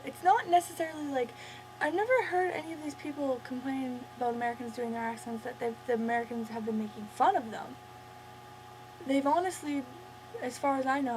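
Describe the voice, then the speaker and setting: A woman's voice: sits high, darkish tone, a little hiss or hum, rough recording. A Canadian woman ranting casually to her camera, rambling and interrupting herself as she goes. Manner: rambling, chatty, self-interrupting. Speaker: vlogger.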